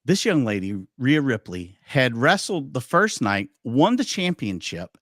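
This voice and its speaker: Animated, lively man telling stories. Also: mid-range voice, unhurried, dry recording, studio quality. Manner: animated, chatty anecdote-telling with quoted dialogue. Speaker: podcast host. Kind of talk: casual chat storytelling.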